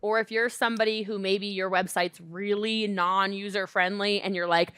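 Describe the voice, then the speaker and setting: A woman co-presenting a live workshop in a quick, teasing, lively way. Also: medium pitch, clear, resonant tone, dry recording.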